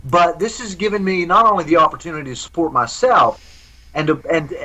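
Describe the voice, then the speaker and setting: A man's voice: on the high side, animated, fairly quick, pushed and bright, rough recording. A man speaking as a guest in a live remote interview, earnest and preaching.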